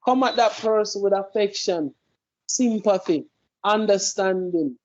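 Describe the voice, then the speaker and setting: A man, co-hosting a casual chat, calm and preachy with frequent agreeing interjections. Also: sits high, unhurried. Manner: laid-back, agreeing, preachy asides. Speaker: podcast co-host. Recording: dull lo-fi audio.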